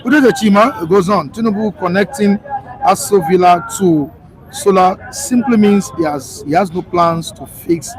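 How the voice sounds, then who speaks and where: A man's voice: high voice, a crowd in the background, low-quality recording. Male host reading viewer comments. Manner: brisk, reads out comments with fillers. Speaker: talk show host. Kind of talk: hosting a live show, reading viewer comments.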